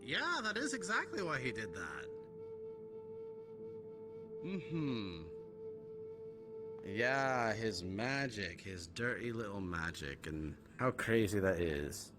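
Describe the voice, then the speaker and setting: A man roleplaying a gang leader on a live stream, questioning calmly and often murmuring agreement. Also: on the low side. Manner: calm, probing, drawn-out murmured agreement. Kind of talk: in-character roleplay dialogue. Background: background music.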